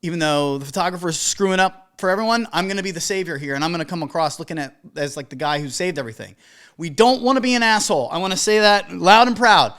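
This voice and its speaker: A man who works as a wedding DJ, telling a story as advice to other DJs in an animated, emphatic way with casual swearing. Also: high-pitched, quick pace, clear, resonant tone.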